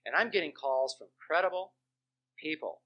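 A man's voice: on the high side, animated, moderate pace, dull audio. A man who is a Christian minister and counselor, preaching with testimonies in an earnest storytelling way and leaning hard on key words. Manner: earnest storytelling with emphatic stresses.

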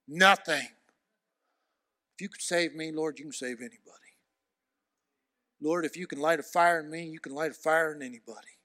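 A man preaching a sermon with emphatic repetition, swinging from loud shouts to hushed near-whispers. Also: fairly high pitch, normal speed, long pauses, no room sound, clean studio sound.

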